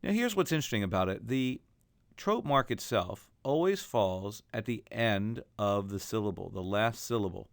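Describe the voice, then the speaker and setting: A man's voice: fairly low pitch, animated, moderate pace, creaky, dry recording. A man teaching a recorded lesson on chanting Torah trope, explaining each mark and then singing the examples.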